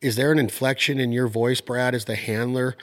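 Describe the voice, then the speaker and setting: A man hosting a casual chat, asking questions and telling an animated hunting story with laughs and mimicry. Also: medium pitch, a little fast.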